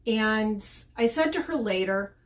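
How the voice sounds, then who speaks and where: Middle-aged lady doing a casual how-to vlog, chatty, mid pitch, keeps restarting words. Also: lively intonation, measured pace. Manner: chatty, often repeats words as she restarts. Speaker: podcast host and dog trainer.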